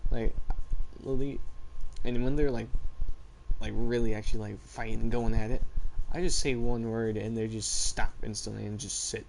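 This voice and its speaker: A man's voice: fairly low pitch, steady tone, moderate pace, gravelly, a little mellow, a little hiss or hum. Laid-back teenage guy rambling casually. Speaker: vlogger. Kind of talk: casual chat.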